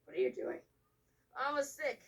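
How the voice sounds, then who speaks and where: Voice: moderate pace, fairly bright tone, distant mic, lightly acted. A performer voicing a dazed, sick male plumber puppet in a comedy video, whiny and muddled. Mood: confused.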